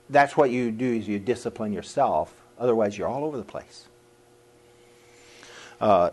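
A middle-aged man with a lowish voice preaches a sermon to a live audience. His style is folksy and animated. He laughs at his own lines and acts out the voices he quotes.

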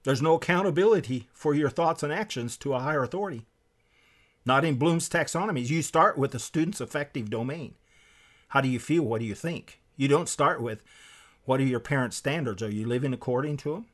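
A man gives an impassioned, sermon-style lecture at a brisk pace, reading quotes aloud from a book. He's emphatic, with sharp swings in pitch and loudness.

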